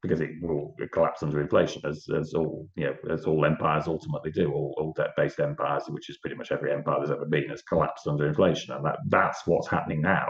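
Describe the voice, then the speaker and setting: A man with a British accent, a party guest in an interview, talking earnestly and quickly with many restarts. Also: extremely low pitch, steady tone. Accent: British English. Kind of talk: conversational interview. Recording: echoey, dull lo-fi audio.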